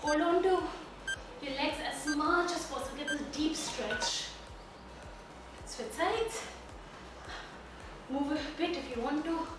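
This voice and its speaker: A woman's voice: sits high, slow, pauses often, noisy background. A woman with an Indian accent coaching a home workout while exercising herself, out of breath as she talks through each move. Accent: Indian English. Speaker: fitness instructor. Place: room at home. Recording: very echoey room, from far off.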